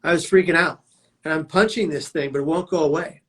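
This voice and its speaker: Fairly quick and a bit bright, this slightly high male voice belongs to a prevention speaker recounting his life. He tells it with vivid drama and stresses the lines he quotes.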